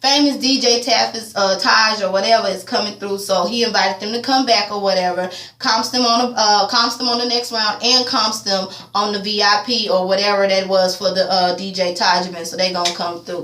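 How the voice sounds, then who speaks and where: Animated woman in an echoey room. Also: mid-range voice, brisk, hardly any pauses. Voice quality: animated, profane, slangy. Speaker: TV recap vlogger. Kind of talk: casual TV episode recap. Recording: echoey room, distant mic.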